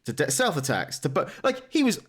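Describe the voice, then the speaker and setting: A man's voice: a little high, fairly quick. A man co-hosting a gaming podcast, telling stories casually with plenty of swearing and laughter. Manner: animated, swearing, laughing storyteller. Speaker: podcast co-host.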